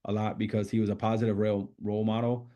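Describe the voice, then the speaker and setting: A middle-aged man, a podcast guest, telling stories in a casual interview, animated and swearing freely as he acts out what people said. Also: fairly low pitch, fast talker, lo-fi sound.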